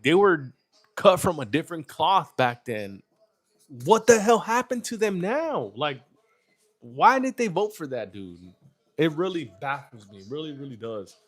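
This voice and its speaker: Profane, casual man on a livestream. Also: fairly high pitch. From New York. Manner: loose and profane, reads chat aloud. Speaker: livestream host. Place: home in Texas.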